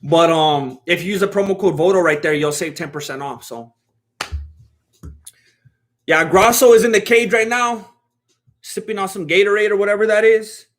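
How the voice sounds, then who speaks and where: A man's voice: sits high, normal speed, pauses often. Laid-back man chatting on a livestream. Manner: laid-back and slangy, reads chat questions aloud and laughs often. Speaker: fight watch-along streamer. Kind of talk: casual livestream chat.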